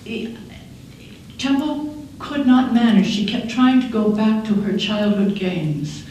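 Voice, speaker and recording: An older woman giving a keynote speech, telling stories in a measured, wry way, recorded in a large conference hall. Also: mid-range voice, mellow, a little hiss or hum. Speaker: keynote speaker. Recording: echoey hall from far off.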